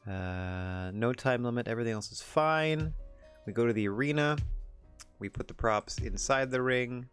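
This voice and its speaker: A man's voice: mid-range voice, animated, normal speed, a bit bright, clear, resonant tone, faint music behind. A man streaming a wrestling management game, chatting casually in a rambling, self-deprecating way. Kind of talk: casual gameplay commentary.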